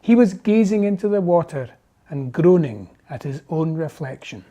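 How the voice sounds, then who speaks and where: A narrator reading a children's storybook aloud in a gentle, measured way. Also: medium pitch, animated.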